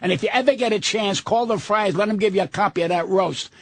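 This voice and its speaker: Older male guest comedian, gravelly and husky, profane ranter, fairly high voice. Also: fast talker, a bit bright, dry recording. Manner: profane, ranting, blunt. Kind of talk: radio talk show chat.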